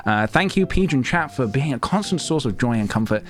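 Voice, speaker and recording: A man's voice: medium pitch, expressive, brisk. Rambling self-deprecating male streamer. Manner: rambling, self-deprecating, thanks chat, reads game text aloud. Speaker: game streamer. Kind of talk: casual live-stream chat.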